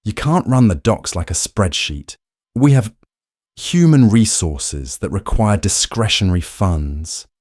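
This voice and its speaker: A man's voice: fairly low pitch, sing-song, unhurried, darkish tone, no room sound, studio quality. A man voicing a grizzled gangster with a Brooklyn accent who talks in a grumbling, patronizing way.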